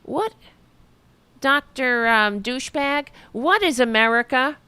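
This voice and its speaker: A blustering, flag-waving patriot man with a put-on New York accent, as a woman puts him on, bellowing slogans in a satire rant. He sounds high for a man, and he talks slowly, leaning on each word. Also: expressive, pushed and bright, clear, resonant tone, dry recording, faint music behind, heavily acted. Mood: mocking. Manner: bombastic, declaiming slogans.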